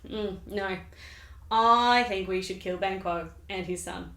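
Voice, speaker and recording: A woman's voice: mid-range voice, slow pace, a bit bright. A woman voicing a blustering, guilty male king, talking in a flustered, over-explaining, mock-casual way. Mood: smug. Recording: roomy echo.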